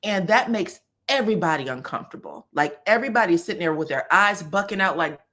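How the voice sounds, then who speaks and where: A woman giving a casual, sassy recap of a reality show, animated, and slipping into the voices of the people she quotes. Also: fairly low pitch, brisk, few pauses. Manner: animated, sassy, slips into voices of the cast when quoting.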